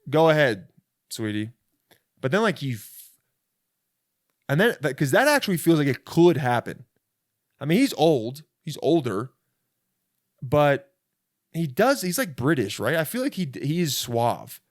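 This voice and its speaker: A man's voice: a little high, very animated, measured pace, long pauses, no echo, studio quality. A young man hosting a podcast, telling a rambling comedic monologue in a crude, self-interrupting way from a bed in a rental apartment. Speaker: podcast host.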